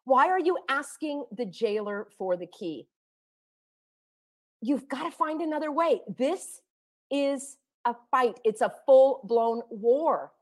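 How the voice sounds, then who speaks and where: A woman speaking straight to her viewers, out of breath, firing rhetorical questions that build to near-shouting. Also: high-pitched, expressive, takes it slowly. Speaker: activist vlogger. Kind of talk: impassioned direct-to-camera monologue.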